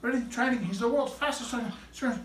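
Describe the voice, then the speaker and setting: A woman presenting her pet bird's tricks in showman patter, animated and coaxing as she praises the bird. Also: fairly high pitch, quick pace. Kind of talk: showman patter to a live audience. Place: indoor room with a pet bird. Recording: echoey room, mic at a distance, faint noise.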